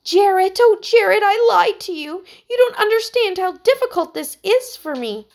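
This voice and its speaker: A woman's voice: extremely high pitch, animated, unhurried, pitched above the performer's own voice, full character voice. A woman voicing a melodramatic soap opera heroine on a television show, pleading in an overwrought, breathless way.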